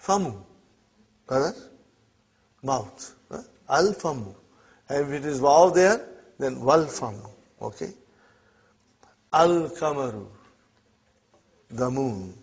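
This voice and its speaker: A man leads a classroom lesson, drilling words slowly and pausing often to make sure his students are following. His voice is a bit husky and moves lively up and down. The recording sounds dull and lo-fi. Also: medium pitch. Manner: checks in constantly with students. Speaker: Arabic teacher.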